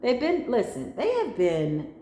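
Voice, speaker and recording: A woman's voice: fairly high pitch, wildly swooping pitch, measured pace, dark tone, slight background noise. A woman with a mixed Spanglish accent giving a spiritual tarot reading, emphatic and slangy, talking straight to her viewers. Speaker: tarot reader. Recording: echoey room with faint ambience.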